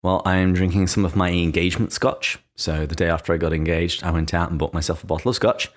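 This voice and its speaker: Deep voice, English man, podcast co-host, casual easy chat. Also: level tone, quick pace.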